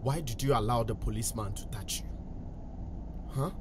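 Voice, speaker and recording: A man's voice: mid-range voice, moderate pace, background noise, lightly acted. An actor playing a jealous husband who scolds his wife in Ghanaian English, indignant and accusing.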